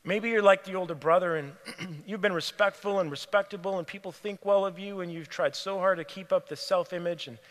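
A man preaches in an earnest storytelling voice that sits a little higher than most men's. He often sinks to a hushed, near-whispered tone. His words ring out with a long reverb, as if in a large hall. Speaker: pastor. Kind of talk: sermon.

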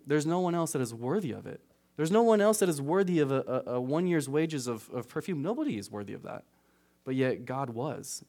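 A pastor delivers a casual, conversational sermon, repeatedly checking in with "right?" He gets animated during his asides and drops his voice low and quiet on the solemn, serious points.

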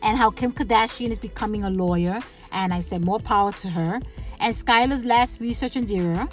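A woman's voice: mid-range voice, brisk, faint music behind. A woman hosting a casual solo podcast, chatting in a rambling way with lots of fillers, restarts and laughs. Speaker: podcast host.

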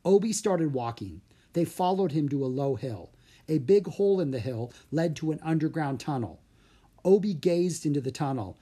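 A narrator reading a children's chapter book with expressive storytelling. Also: medium pitch, moderate pace, breathy edge. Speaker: audiobook narrator.

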